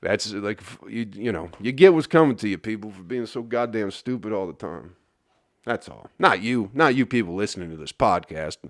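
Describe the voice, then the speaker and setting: Hungover man ranting, low dry voice. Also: expressive, moderate pace, dry recording. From Flint, Michigan. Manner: profane, exasperated ranting. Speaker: comedian podcast host. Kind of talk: solo rambling podcast rant.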